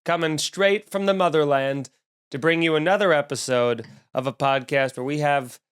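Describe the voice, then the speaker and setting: A man's voice: fairly high pitch, normal speed, a bit bright, clear, resonant tone. A man with a Long Island accent hosting a comedy podcast, talking in a snarky, sarcastic, rambling rant. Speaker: podcast host. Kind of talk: comedic ranting chat. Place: at home with windows open.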